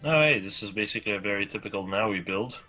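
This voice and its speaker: Man, co-host, casual chat, easygoing, low pitch, sharp bright tone. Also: fast, soft background music. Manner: easygoing, advising.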